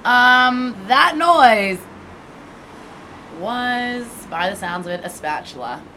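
Lively american woman cohosting a podcast, teasing and laughy, some faint background noise. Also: a little high. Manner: expressive, teasing, quick to laugh. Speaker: podcast co-host. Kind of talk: casual banter.

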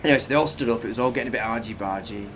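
A man's voice: medium pitch, very fast. A man co-hosting a podcast, telling stories in a laid-back, wry, slangy way. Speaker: podcast co-host. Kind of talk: casual storytelling. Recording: faint background noise.

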